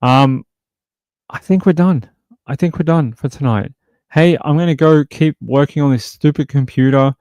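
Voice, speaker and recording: A man's voice: mid-range voice, moderate pace, darkish tone, clear, resonant tone, dry recording. Rambling man hosting a crime stream. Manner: rambling, loose talk full of fillers. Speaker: true crime livestream host. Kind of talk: casual livestream chat.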